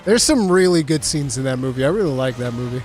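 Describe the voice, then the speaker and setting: A man's voice: mid-range voice, animated, fast, darkish tone, faint music behind. A man in his thirties streaming a video game, chatting casually, laughing often and swearing freely. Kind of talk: casual gameplay commentary.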